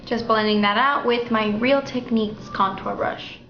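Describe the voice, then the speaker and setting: A young woman walking through a makeup tutorial in a chatty, relaxed way at home. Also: a little high, normal speed, a little hiss or hum. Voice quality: chatty, relaxed, thinking aloud. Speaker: beauty vlogger. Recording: dull, slightly roomy home recording.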